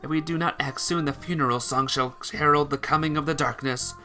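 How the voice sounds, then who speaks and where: A man's voice: fairly high pitch, steady tone, brisk, pushed and bright, faint music behind. A man voicing a pompous, dramatic young bird who speaks in grand, theatrical tones. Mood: grandiose.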